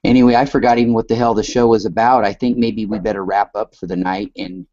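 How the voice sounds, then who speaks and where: A man with a very low voice talks loosely and at length as a talk show co-host, dropping the odd swear word. The recording sounds dull and dry, like a lo-fi home setup. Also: fairly even intonation, quick pace, darkish tone, no echo. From American West Coast. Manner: rambling, loose, swears casually. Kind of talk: casual chat.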